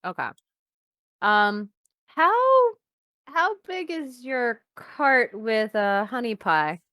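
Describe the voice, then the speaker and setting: A woman's voice: a little high, expressive, takes it slowly, sharp tone, smooth, no echo, clean studio sound. Upbeat woman player asking questions. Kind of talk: playing a tabletop game.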